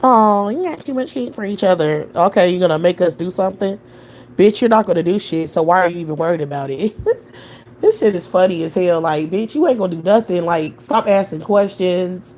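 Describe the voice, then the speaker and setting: A woman's voice: on the low side, brisk, dark tone, a little hiss or hum. A young adult woman hosting a live stream, answering chat in a profane, scornful rant with mocking laughter. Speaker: livestream host.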